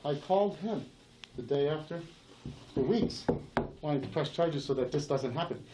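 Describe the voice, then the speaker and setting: A man's voice: fairly high pitch, expressive, moderate pace, background noise. A man in a heated face-to-face argument, insistent and profane, repeating himself and talking over others. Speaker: channel owner confronting a sheriff.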